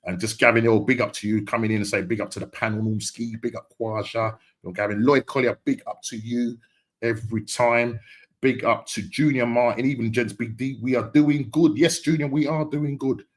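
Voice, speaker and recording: Speaking at a moderate pace with a medium pitch and steady tone, a podcast host chats casually about football on a live stream. He's upbeat, repeats phrases, and laughs frequently.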